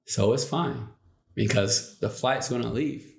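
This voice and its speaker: A man's voice: medium pitch, a little slow, creaky, echoey room. A man hosting a motivational channel, telling a story in a casual, rambling way and acting out the lines he quotes.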